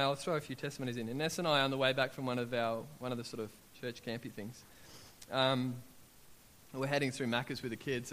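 A middle-aged Australian man preaching a sermon, telling personal testimonies and acting out what people said, building to loud, excited peaks. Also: medium pitch.

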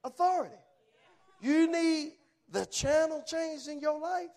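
A man's voice: very high voice, steady tone, slow pace, creaky, a little mellow. A man preaching a sermon, emphatic and punchy, telling folksy stories and asking rhetorical questions. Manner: emphatic, punchy short phrases.

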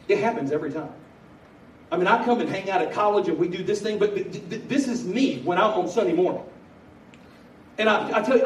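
Energetic preacher man, echoey room. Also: high-pitched, slight background noise. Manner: energetic storytelling, bursts of excitement. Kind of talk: sermon. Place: large room at a college gathering. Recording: echoey room from a distance, faint ambience.

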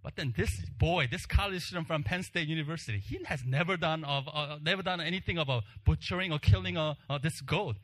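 Man, preacher, fairly high-pitched, animated storytelling, hushed emphasis. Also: a little fast, hardly any pauses. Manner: animated storytelling, acting out the crowd's shouts. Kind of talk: sermon with personal story.

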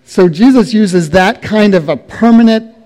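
Middle-aged guy preaching real slow, soft trailing endings, lots of hall echo. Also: sits high. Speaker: pastor. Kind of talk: sermon. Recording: long reverb of a hall.

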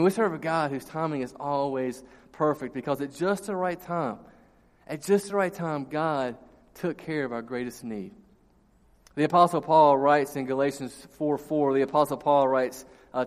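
A man preaching a sermon, telling a funny story from his childhood before turning to scripture in a lively storytelling manner. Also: medium pitch. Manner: storytelling, animated, laughs at own jokes. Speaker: pastor. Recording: long reverb in a large hall.

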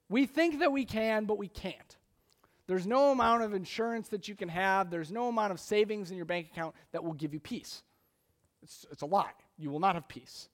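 A pastor delivers a sermon in a conversational, animated storytelling style, acting out little scenes along the way. His voice sits high.

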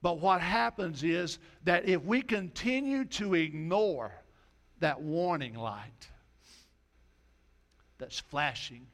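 A man preaching a sermon in a folksy way, dropping his voice low and soft for quoted lines. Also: expressive, slow, long pauses. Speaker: pastor.

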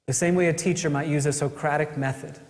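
Earnest pastor preaching in a reverberant hall. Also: male voice, fairly high pitch, fairly even intonation, darkish tone. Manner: earnest, rhetorical questions, dramatic pauses. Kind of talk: sermon.

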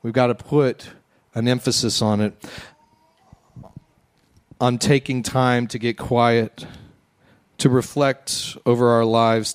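Man, pastor, conversational sermon, mid-pitched voice, leads a slow guided breathing prayer. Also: clean tone.

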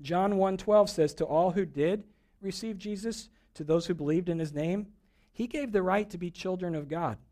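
A man's voice: high-pitched, normal speed, warm tone. A man preaching a sermon in a conversational, joking way, a pastor who acts out little voices to make his points. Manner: conversational and humorous, acting out voices for jokes.

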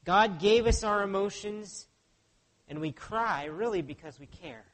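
A man's voice: sits high, a little slow, fairly bright tone. A pastor preaching a sermon in an earnest way, often putting questions to his listeners.

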